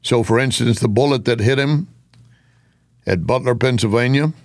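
A man's voice: medium pitch, normal speed, no echo, clean studio sound. Sarcastic male political commentator. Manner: opinionated, sarcastic asides.

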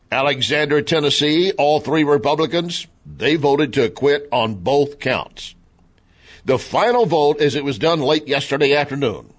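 A man's voice: mid-range voice, a bit bright. A man hosting a political talk radio show, commenting in an emphatic, conversational way that often repeats points.

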